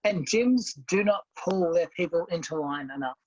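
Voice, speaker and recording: A woman's voice: on the low side, animated, normal speed, darkish tone, dry recording. A woman, co-hosting a casual chat, blunt and swearing freely as she acts out stories. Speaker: podcast co-host. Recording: dull lo-fi sound.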